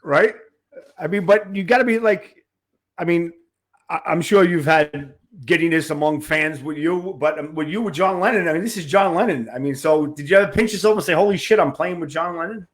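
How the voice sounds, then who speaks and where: A man's voice: on the high side, fairly quick. A man from Queens with a heavy New York accent, hosting an interview in a chatty, jokey way. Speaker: podcast host. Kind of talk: casual interview chat.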